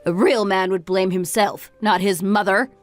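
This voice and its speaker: A woman's voice: mid-range voice, fairly even intonation, moderate pace, faint music behind, natural voice. A woman as a reproachful mother scolding her son. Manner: reproachful, lecturing. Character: weary middle-aged mother scolding her grown son. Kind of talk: story narration dialogue.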